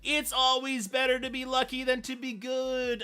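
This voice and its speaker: A man with a high, bright, edgy voice commentating his own live game stream. He mutters through his strategy half to himself, then breaks into loud, swearing rants at the game, with faint music playing underneath. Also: monotone, moderate pace, few pauses, clear, resonant tone.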